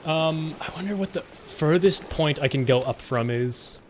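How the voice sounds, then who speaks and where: A man's voice: a little high, a little slow, a little hiss or hum. Rambling, self-mocking male streamer. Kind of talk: casual gameplay commentary.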